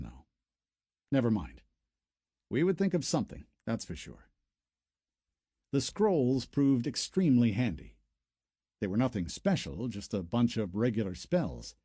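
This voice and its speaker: A man's voice: mid-range voice, no room sound. A man narrating a first-person sci-fi novel as an audiobook, close to the mic. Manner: storytelling, expressive.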